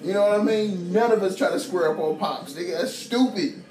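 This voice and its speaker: A young man from Ohio co-hosting a podcast, telling stories in a loud, profane, animated way and laughing often. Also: high voice, fairly quick. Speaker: podcast co-host. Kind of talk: casual chat. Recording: echoey room with music behind.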